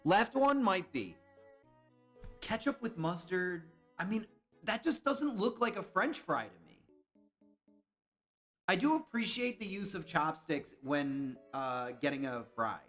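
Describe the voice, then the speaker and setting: Excitable high-voiced young man streaming. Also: unhurried, pauses often, faint music behind. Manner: excitable, swears and yelps at misses. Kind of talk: casual live-stream chat.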